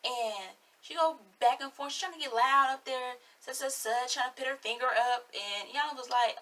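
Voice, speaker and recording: A woman's voice: high-pitched, normal speed, hardly any pauses, pushed and bright, recorded from a distance. An eighteen-year-old woman giving sassy, blunt, chatty commentary on a reality show in her vlog. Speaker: vlogger.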